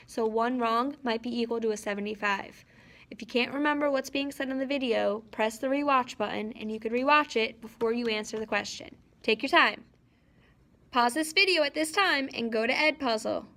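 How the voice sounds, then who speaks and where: A woman teacher giving a recorded class lesson, dictating sentences slowly and clearly and repeating each one. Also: fairly high pitch, fairly bright tone.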